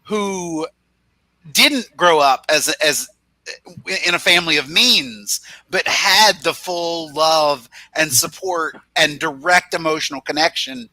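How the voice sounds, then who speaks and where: A man's voice: fairly high pitch, expressive, takes it slowly, pushed and bright, no room sound, poor audio. A man talking thoughtfully as a fan panelist in a casual discussion, often restarting his sentences.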